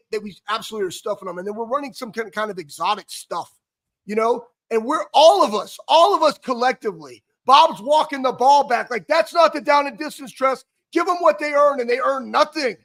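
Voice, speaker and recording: A man co-hosting a sports talk show, telling a rambling, animated story about his playing days with many restarts. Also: very high-pitched. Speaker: co-host, former football player.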